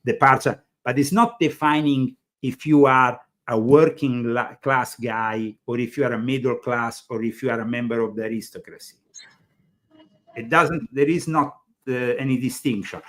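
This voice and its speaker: A man's voice: medium pitch, steady tone, moderate pace. A man with an Italian accent, hosting a talk show in a rambling, hesitant conversational way, full of fillers. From Italy. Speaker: show host. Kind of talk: casual conversational interview.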